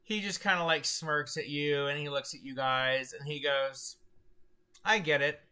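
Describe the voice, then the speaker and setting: A man's voice: on the high side, normal speed, sharp tone, clean tone. A man narrating a tabletop game as game master, in a casual, hesitant way. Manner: casual, hesitant, filler-heavy.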